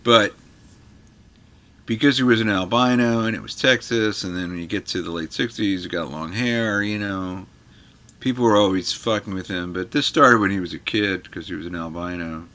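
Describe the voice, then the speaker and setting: Bright-voiced man telling a story. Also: deep voice, moderate pace. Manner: animated storyteller who acts out the people he quotes. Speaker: guitar magazine editor and guest. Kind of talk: casual storytelling chat.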